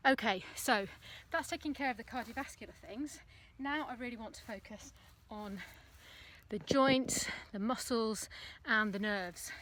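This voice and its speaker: A woman recording a casual fitness vlog outdoors on her phone, chatting practically while she demonstrates a running warm-up. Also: a little high, a little slow, crowd noise, poor audio. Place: outdoors on a path. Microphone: phone propped on a ledge.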